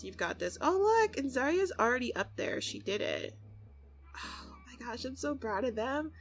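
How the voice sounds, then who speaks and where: A young woman with a medium-pitched voice hosts a let's play, giving casual gameplay commentary. She's bubbly and excitable, frequently laughing and squealing.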